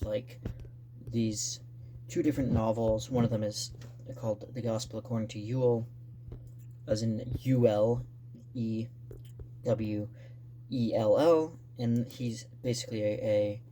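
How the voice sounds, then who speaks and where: A man talking unscripted about his novel drafts in a rambling, halting way with many restarts. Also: medium pitch, mellow, slight background noise. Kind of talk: unscripted casual vlog talk.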